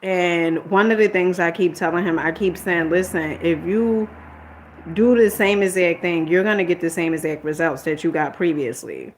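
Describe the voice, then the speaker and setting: Speaking at a moderate pace in a fairly low voice, this middle-aged woman rambles candidly through a personal story on her vlog, with slight background noise. She recounts arguments, quotes her own words, and scolds like an exasperated mother.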